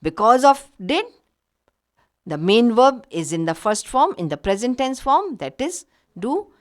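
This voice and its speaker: Lively-voiced teacher. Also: female voice, a little high, a little slow. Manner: patient, explaining with examples. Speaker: English teacher. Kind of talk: recorded grammar lesson.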